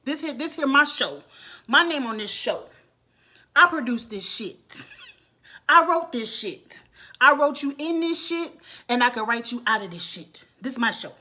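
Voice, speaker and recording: A woman's voice: a little high, animated, moderate pace. A woman putting on a furious, domineering woman boss who curses and threatens. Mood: ranting. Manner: shouting, swearing, threatening.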